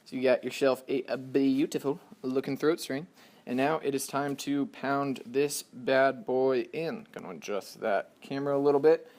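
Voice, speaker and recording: A young man casually explaining a hands-on stringing job step by step, chatty and relaxed, with self-deprecating asides. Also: mid-range voice. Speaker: lacrosse stringing instructor. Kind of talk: casual how-to tutorial.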